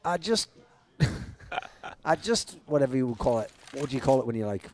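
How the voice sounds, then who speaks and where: A man's voice: medium pitch, animated, moderate pace, slight background noise. A young man from Northern England with a Geordie accent, an esports commentator bantering in casual colour commentary, joking, rambling and swearing freely. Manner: joking, profane, rambling storyteller.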